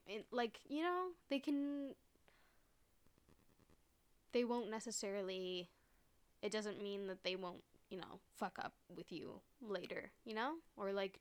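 A woman's voice: mid-range voice, a bit bright. Young woman host, solo podcast, rambling and filler-heavy, a little choked up. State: choked up, near tears. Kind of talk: casual solo podcast monologue.

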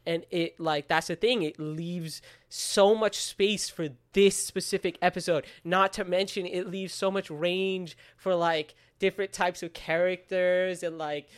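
A man's voice: sits high, fairly even intonation, a little slow, hardly any pauses, smooth. A young man co-hosting a casual podcast, rambling with many fillers and swearing freely. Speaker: podcast co-host and writer. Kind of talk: casual chat.

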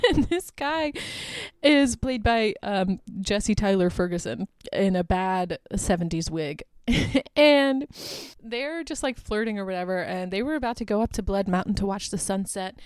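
A woman's voice: mid-range voice, clean tone, dry recording. A woman hosting a podcast, recapping a movie in a casual, chatty way with frequent laughs and filler words. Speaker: podcast host.

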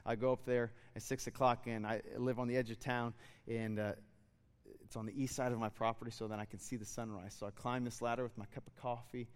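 A man in his thirties giving a sermon as a pastor, relaxed and storytelling, then rising to fervent exhortation. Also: mid-range voice, quick pace, clear, resonant tone, in a large hall. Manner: conversational, building to fervent exhortation.

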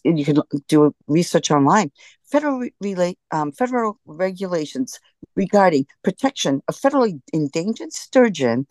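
A woman's voice: low voice, darkish tone, no room sound. A woman guest in an interview, talking with frustrated urgency and breaking off to restart her sentences. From United States. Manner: frustrated, emphatic, restarts often. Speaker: guest, scuba diver. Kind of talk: impassioned interview talk.

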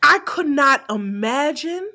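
A young woman co-hosting a podcast, talking in a blunt, animated, profane way, often laughing. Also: high voice, slow. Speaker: podcast co-host. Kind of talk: casual chat.

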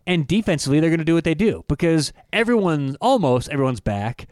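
A man co-hosts a betting show, his voice a touch higher than most men's. He talks emphatically and animatedly, restarting his sentences as he goes. The mic is close and dry, with no room sound. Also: animated, fast talker, a little mellow, no echo. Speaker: podcast co-host, sports bettor. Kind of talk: casual sports betting chat.

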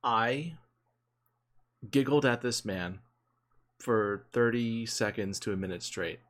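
A man's voice: mid-range voice, takes it slowly, fairly bright tone. A man co-hosting a podcast in casual chat, jumping in to fill in details with a teasing, amused manner. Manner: interjects to add context, teasing and amused. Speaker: podcast co-host.

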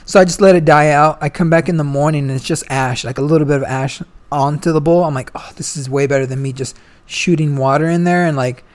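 A man's voice: a little high, steady tone, fast. A young man, a guest, chatting casually and telling a long story, swearing freely and full of slang. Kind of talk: casual chat.

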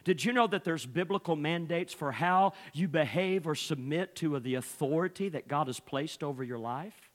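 A man's voice: fairly high pitch, moderate pace, few pauses, a little hiss or hum. A male pastor preaching a fervent sermon, opening nearly every phrase with "uh".

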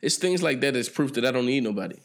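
A man's voice: mid-range voice, lively intonation, fast talker. A man hosting his own podcast alone, talking in a reflective, loose and profane way that trails off and restarts. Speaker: podcast host. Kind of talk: solo podcast monologue.

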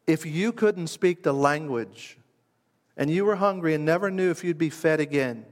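A man's voice: on the high side, moderate pace. Reflective male preacher in a reverberant hall. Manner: conversational, reflective, with wide shifts from hushed to emphatic. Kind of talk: sermon.

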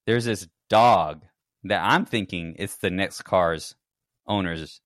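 A man's voice: sits low, slow, a bit bright, dry recording, clean studio sound. A man co-hosting a podcast, telling a long story in casual chat and acting out his own reactions. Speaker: podcast co-host.

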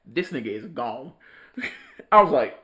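A man's voice: medium pitch, sing-song, a little slow, fairly bright tone, slight background noise. A young man in casual podcast chat, telling a work story with lots of laughter, cursing and slang.

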